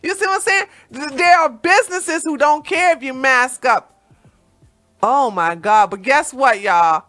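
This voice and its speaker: A woman's voice: sits high, unhurried, a bit bright, faint music behind. A woman hosting a political commentary livestream, brash, profane and sassy, firing off mocking outbursts between stories she reads aloud.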